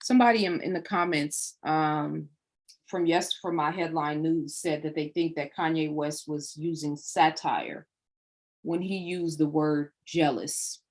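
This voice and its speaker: A woman's voice: deep voice, measured pace. A woman hosting a livestream, delivering a preachy monologue full of rhetorical questions. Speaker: livestream host.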